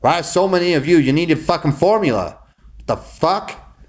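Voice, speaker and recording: A man's voice: a little high, fairly quick. Rambling, profane man ranting. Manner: rambling, profane, many restarts. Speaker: vlogger. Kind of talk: casual ranting monologue.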